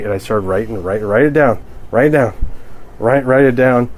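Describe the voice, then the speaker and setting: A man's voice: mid-range voice, moderate pace. A man who is a cartoonist, talking in a casual podcast monologue, rambling and joking with many restarts.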